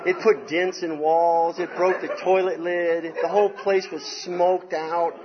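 A middle-aged man from the Southern US telling a wild story from his youth in a casual, rambling, animated way, dropping "man" and "you know" often. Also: sits high, unhurried, background noise. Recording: slightly dull recording.

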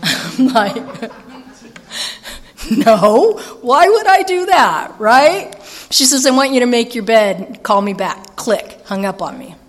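A woman telling a personal recovery story, talking fast and animated, with self-mocking humor. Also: on the high side. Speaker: speaker sharing recovery story. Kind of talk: storytelling talk. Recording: long hall reverb.

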